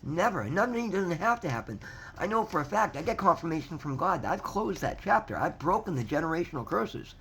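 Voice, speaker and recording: A man with a fairly bright, very animated, slightly high voice speaks a little fast, with a little hiss or hum in the audio. A motivational vlogger, he addresses viewers as "guys" in a heartfelt, casual monologue to camera, repeating himself and swearing freely.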